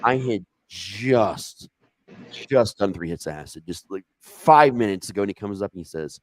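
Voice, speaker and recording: Animated, swearing storyteller man. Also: fairly low pitch, moderate pace, slight background noise. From Ohio, USA. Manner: profane, animated, acts out quoted dialogue. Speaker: storyteller guest. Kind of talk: casual storytelling anecdote.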